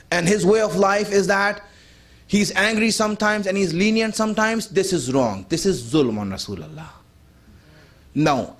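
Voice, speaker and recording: A man delivering a sermon, emphatic and conversational, repeating his key points and putting rhetorical questions to the audience. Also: high-pitched. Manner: conversational, addresses the audience directly. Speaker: religious speaker.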